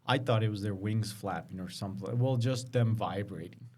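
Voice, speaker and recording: A man with a fairly low voice co-hosts a casual podcast. He reads a news story aloud, often stumbling over words and correcting himself as he goes. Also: moderate pace, darkish tone. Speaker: podcast co-host.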